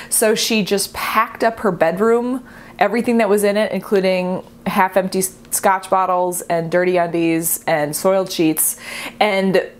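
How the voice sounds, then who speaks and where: Young woman artist riffing on art history, jokey and animated, mid-pitched, bounces up high when she gets excited. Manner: chatty, playful, self-mocking, animated. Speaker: artist and video host. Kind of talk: comedic art-history explainer.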